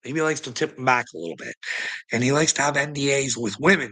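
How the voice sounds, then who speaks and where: A man's voice: mid-range voice, lively intonation, brisk, bright, forceful tone. A man delivering a profane, mocking rant to the camera, taunting his target and laughing between jabs. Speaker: online commentator.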